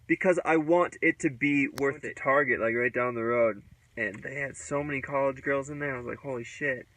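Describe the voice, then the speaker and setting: A man's voice: fairly high pitch, bright, forceful tone, dry recording, recorded from a distance, low-quality recording. A man vlogging about his music in a loose, offhand, joking way, with many fillers. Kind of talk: casual rambling vlog chat.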